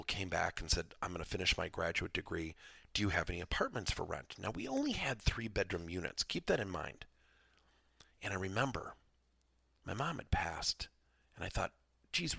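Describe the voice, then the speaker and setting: Middle-aged male coach, podcast host, low husky voice, bright tone, earnest storyteller. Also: no echo, clean studio sound. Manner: earnest storytelling with emphatic asides. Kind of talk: solo podcast monologue.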